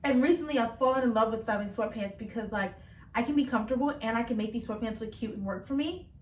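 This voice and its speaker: This fashion vlogger, a young woman, speaks fast in a fairly high voice. She chats casually and bubbly, with many fillers, during a try-on haul, heard from across the room in a roomy, far-off recording.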